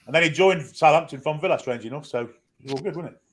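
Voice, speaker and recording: A man giving match predictions on a football podcast in a relaxed, self-mocking way. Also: a little high, quick pace. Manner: jokey, laughs at himself. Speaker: podcast panelist. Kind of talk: casual chat.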